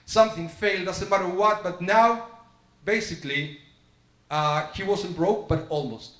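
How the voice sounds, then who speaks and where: Guy giving a sermon, slightly high voice, tells a story and plays out the dialogue, echoey sanctuary. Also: a little slow, a bit bright. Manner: storytelling sermon, acts out dialogue with shifting pitch. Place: synagogue sanctuary.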